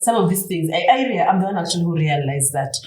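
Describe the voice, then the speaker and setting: A Kenyan woman in her thirties, co-hosting a podcast, telling animated stories in casual chat and mixing in Swahili words. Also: fairly low pitch, fast talker. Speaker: podcast co-host. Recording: echoey room.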